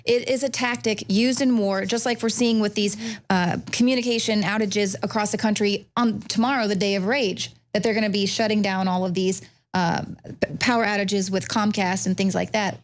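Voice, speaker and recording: A woman with a mid-pitched voice speaks as a guest on a talk panel. Her delivery is earnest, with a few halting restarts as she makes her point. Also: fairly even intonation.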